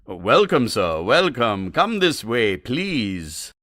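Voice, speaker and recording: A man's voice: medium pitch, very animated, slow, a bit bright, dry recording, clean studio sound. A man doing a nervous, stammering possum waiter. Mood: fawning, nervous. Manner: stammering, eager, bowing and scraping.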